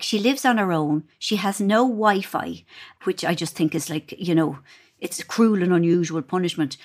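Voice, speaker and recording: Animated Irish woman telling stories. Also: on the high side. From Ireland. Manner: animated storyteller, laughs while talking. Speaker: guest author. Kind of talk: casual chat.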